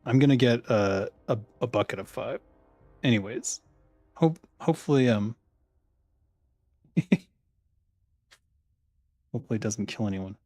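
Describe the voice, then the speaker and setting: A man's voice: medium pitch, a little slow, long pauses, a little mellow, no room sound, faint music behind. A man in his thirties, a streamer chatting casually, rambling and swearing with many laughs while ordering food.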